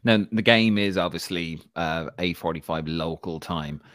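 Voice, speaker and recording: An Irish man co-hosts a casual live football chat show, joking, rambling and laughing often as he talks. His voice is deep and a bit bright at a normal speed, and the recording is dry.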